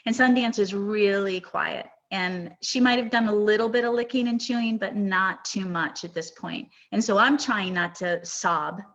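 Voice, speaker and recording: A woman's voice: mid-range voice, fairly bright tone, rough recording. Earnest woman host telling a story. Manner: emotional, earnest storytelling with many restarts. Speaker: podcast host. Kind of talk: storytelling on a live podcast.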